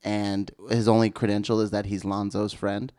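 A man co-hosting a casual sports podcast, asking quick skeptical questions. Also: fairly low pitch, little pitch movement, dark tone, no room sound, clean studio sound. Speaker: podcast co-host.

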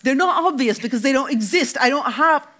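A man's voice: a little high, sing-song, fairly quick, fairly bright tone. A man voicing a touchy, stocky young Irish man who swears and bristles when teased. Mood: indignant. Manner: indignant, sweary, defensive.

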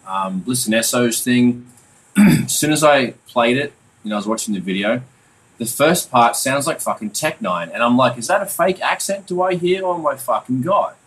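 A man, talking through new tracks in a relaxed podcast chat. He swears freely, trails off into fillers and keeps it loose and unscripted. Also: lowish voice, rough recording. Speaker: podcast host and mixing engineer. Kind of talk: casual music review chat.

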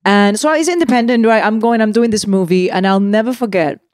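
A woman in her forties, an actress guest telling a personal story candidly, animated and full of restarts and asides. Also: mid-range voice, brisk, no echo, studio quality. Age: 40s.

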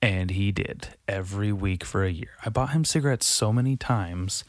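A low-voiced man rambles through a late-night solo podcast monologue at a normal speed, confessional and loaded with swearing and filler words. He is the podcast host, speaking in a darkened room lit by Halloween lights, and the recording is dry with no room sound.

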